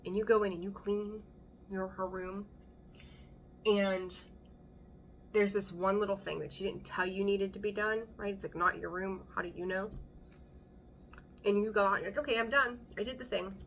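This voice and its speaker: A woman's voice: medium pitch, flat delivery, moderate pace, long pauses, slight background noise. A woman doing a casual tarot reading for her channel, chatty and blunt, swearing freely and laughing between cards. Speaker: tarot reader. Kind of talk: casual intuitive reading to camera.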